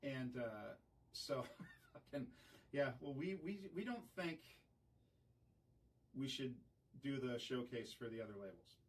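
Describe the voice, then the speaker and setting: A man telling a profane, animated story from his band days in a casual stream chat. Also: mid-range voice, a little slow, pauses often. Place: recording studio. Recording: voice picked up from a distance.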